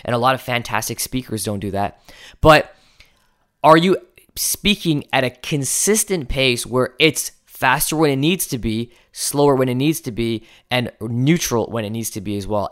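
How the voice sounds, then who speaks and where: A medium-pitched man speaks at a moderate pace while hosting a coaching podcast. The talk is instructional, with changing tempo, emphasized key words, and occasional counting aloud to himself.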